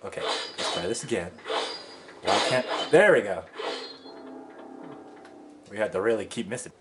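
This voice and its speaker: A man hosting a let's play, commenting casually and swearing excitedly while he plays. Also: on the low side, unhurried, very noisy.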